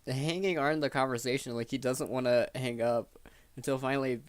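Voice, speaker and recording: A man's voice: medium pitch, fairly even intonation, brisk, no echo. A man giving casual commentary, chatty and filling his talk with "like". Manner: chatty, fills with "like". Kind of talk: casual commentary over clips.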